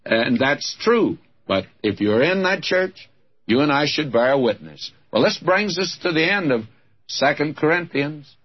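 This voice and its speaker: A man's voice: on the high side, sing-song, measured pace, husky, dull audio. A man with a Southern American accent preaching a radio Bible sermon, fervent and exclamatory, calling his listeners friends.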